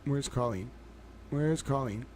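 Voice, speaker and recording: A man hosting a casual livestream trivia game, calling out viewers by name and praising them, swinging from loud excitement to quiet muttering. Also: mid-range voice, takes it slowly. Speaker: livestream host running trivia.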